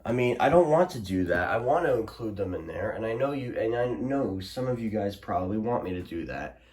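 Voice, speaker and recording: A man's voice: lowish voice, lively intonation, a little fast, a little mellow. A young man recapping a storm to his viewers in a casual, rambling way, full of restarts and fillers. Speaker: weather alert vlogger. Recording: roomy echo.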